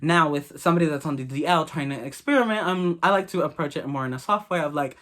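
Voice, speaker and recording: A man's voice: on the high side, expressive, fast, fairly bright tone. A young man vlogger telling a story casually, blunt and crude, swearing often.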